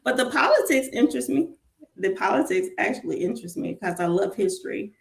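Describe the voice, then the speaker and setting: A woman with a Southern US accent, chatting as an interview guest, animated and laughing, rambling with fillers. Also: medium pitch, fairly quick, creaky. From Southern United States. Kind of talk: casual chat. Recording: roomy echo.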